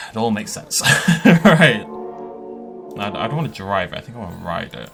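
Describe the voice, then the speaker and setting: A man giving an excitable, chatty tour of a park built in a game, laughing often as he goes. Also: on the low side, moderate pace, creaky, soft background music. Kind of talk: casual gameplay commentary.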